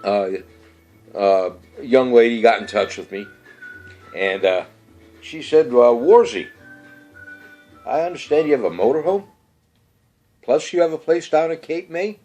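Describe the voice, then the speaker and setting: A man's voice: medium pitch, animated, unhurried, pauses often, darkish tone, soft background music. A middle-aged man, hosting a casual show and rambling through birthdays and weather with many fillers and restarts. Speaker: radio-style show host.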